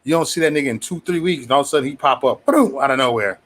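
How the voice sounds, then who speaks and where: A man's voice: mid-range voice, very fast, fairly bright tone. Loose, profane man hosting a livestream. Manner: loose, profane, laughing often, mimics others in raised voice. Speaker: livestream host. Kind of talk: casual livestream chat.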